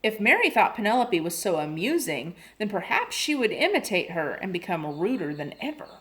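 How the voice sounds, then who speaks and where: A woman's voice: mid-range voice, a little fast. A woman expressively reading a children's chapter book aloud. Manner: expressive, lively. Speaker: reader.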